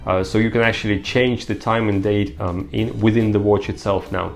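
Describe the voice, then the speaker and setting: A man's voice: lowish voice, steady tone, moderate pace, gravelly, soft background music. Man casually demoing a gadget. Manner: explains step by step, many fillers like uh and um. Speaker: tech reviewer. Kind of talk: casual product demo.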